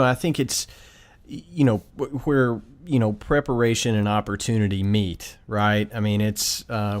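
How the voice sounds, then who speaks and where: Brief: male podcast host, somewhat low voice, thoughtful and supportive. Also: a little mellow, clean tone. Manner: reflective, encouraging, with fillers. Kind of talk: casual interview chat.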